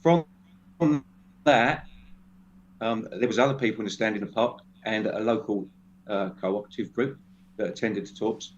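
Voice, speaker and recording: A man speaking as a guest in a casual discussion, halting and restarting often. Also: lowish voice. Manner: halting, many restarts and fillers. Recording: dull lo-fi sound with faint noise.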